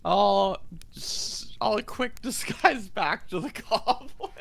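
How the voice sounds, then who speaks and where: Gravelly, giggly tabletop player woman. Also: medium pitch, lively intonation, slow pace. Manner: giggly, hesitant. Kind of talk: casual tabletop game play.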